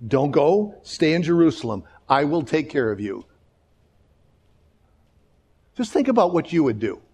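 Animated man preaching a sermon. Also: on the high side, a little fast, vocal fry, slightly rough. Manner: animated storytelling, acts out quoted voices; restarts and repeats words. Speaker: pastor.

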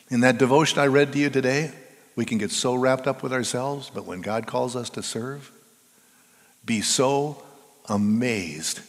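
A man preaching a sermon as pastor, swinging between hushed and loud emphatic delivery. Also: medium pitch, long reverb tail.

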